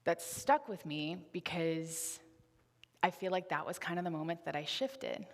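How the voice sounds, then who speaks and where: A woman's voice: on the low side, lively intonation, measured pace. A woman in her twenties giving a candid, conversational sermon with a personal story in a church. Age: 20s. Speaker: preacher. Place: church sanctuary. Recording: reverberant church hall.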